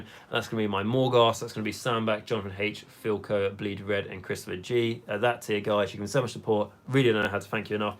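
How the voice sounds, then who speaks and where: A young man hosting a hobby live stream, chatting casually and rambling with many fillers while he reads the chat. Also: lowish voice.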